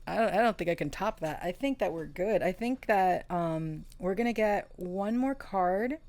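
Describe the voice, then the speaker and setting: A woman's voice: on the low side, darkish tone. A woman giving a casual tarot reading, effusive and emotional, often laughing as she reads the cards aloud. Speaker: tarot reader.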